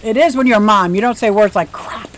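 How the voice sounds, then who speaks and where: A woman's voice: medium pitch, a little fast, a little hiss or hum. A woman in her fifties hosting a casual livestream outdoors, bubbly and chatty, greeting viewers by name. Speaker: livestream host. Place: outdoors in a yard.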